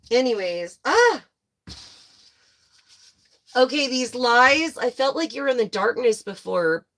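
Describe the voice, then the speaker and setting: A young woman giving a casual, excitable tarot reading to her viewers, gushing and swearing freely. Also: lowish voice, vocal fry. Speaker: tarot reader.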